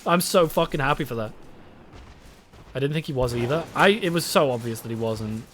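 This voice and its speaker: A man's voice: mid-range voice, animated, brisk, fairly bright tone, a little hiss or hum. A young British man streaming a game, chatting casually with his chat, swearing and rambling. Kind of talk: casual live-stream chat while gaming.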